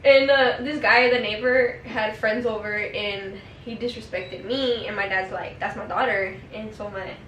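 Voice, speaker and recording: A young woman telling family stories in casual chat, animated and quick to laugh. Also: medium pitch, echoey room, distant mic, slight background noise, low-quality recording.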